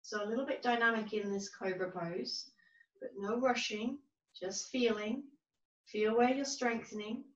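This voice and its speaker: A woman teaching a yoga class, giving calm, gentle, unhurried cues. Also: a little high. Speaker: yoga instructor. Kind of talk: guided yoga class instruction. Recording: roomy, distant, dull-sounding recording.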